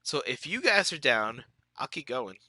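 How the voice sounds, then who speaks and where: A man's voice: medium pitch, sing-song, normal speed, sharp tone, no room sound, studio quality. A man with a stuffy, sick-sounding nose chatting casually with his viewers while streaming a game, laid-back and laughing often. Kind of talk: casual live-stream chat.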